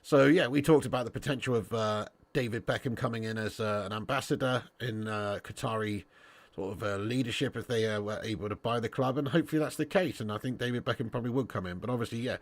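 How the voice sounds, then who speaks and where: A man's voice: mid-range voice, quick pace. A young man from Dorset, hosting a casual football livestream and reading comments with sweary, jokey banter. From Dorset, England. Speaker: football channel host.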